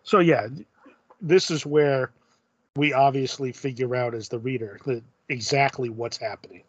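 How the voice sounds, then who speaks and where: A man reflects on a comic book in a measured, thoughtful way, with a few fillers. His voice is mid-pitched. The recording sounds dull and lo-fi, with a dry close sound. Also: slightly rough, dry recording. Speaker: podcast co-host. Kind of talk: casual chat about a comic book.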